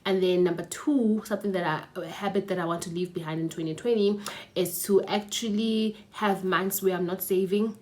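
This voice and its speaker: A woman's voice: medium pitch, fairly even intonation, brisk, a little mellow. A young woman with a South African accent talking about money habits in a casual vlog, chatty and laughing often, slipping in Zulu words. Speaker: personal finance vlogger. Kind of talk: casual vlog talk to camera. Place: her mother's house.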